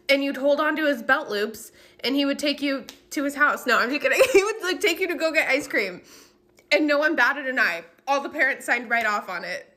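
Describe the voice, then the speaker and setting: Woman, casual storytime, chatty and playful, bright high voice. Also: expressive, fairly quick.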